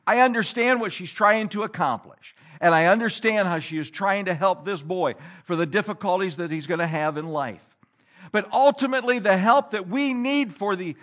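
Lively high-voiced male preacher. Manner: dramatic swings between loud emphasis and low hushed lines; reads scripture in old-fashioned wording. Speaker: pastor. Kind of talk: sermon.

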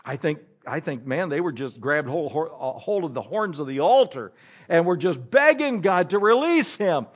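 Animated, humorous preacher. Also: male voice, a little high, normal speed, slightly rough. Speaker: pastor. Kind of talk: sermon.

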